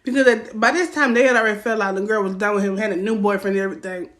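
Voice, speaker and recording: A young woman with a Southern US accent, telling a story-time vlog in a casual, loud and profane way, acting out what people said. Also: mid-range voice, rapid-fire. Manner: animated, loud and profane, acting out quotes with rising heat.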